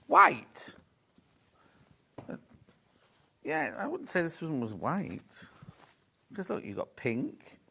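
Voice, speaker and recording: Chatty guy hosting a live craft sales show, kinda high voice, bouncy up and down, jokes around. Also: wildly swooping pitch, slow pace, pauses often, bright, forceful tone, breathy edge. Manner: chatty, jokey, thinks aloud. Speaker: shopping channel presenter. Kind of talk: live selling chat.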